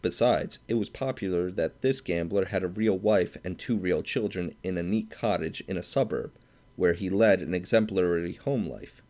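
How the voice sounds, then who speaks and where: Male audiobook narrator, very low voice, measured and steady. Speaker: audiobook reader.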